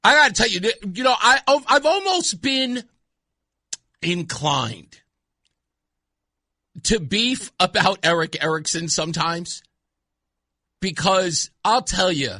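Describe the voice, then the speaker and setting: A man hosting a talk radio show, telling stories in an excitable way with quick restarts. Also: high-pitched, no room sound, studio quality. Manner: excitable, fast storytelling with frequent restarts. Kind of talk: animated talk radio chat.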